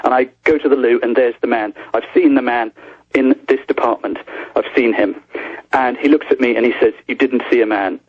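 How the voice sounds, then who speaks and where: A man, a journalist guest, recounting events in rapid, breathless storytelling with restarts. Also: mid-range voice, fairly even intonation, breathy edge, no room sound. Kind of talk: phone-in interview storytelling. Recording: tinny phone line.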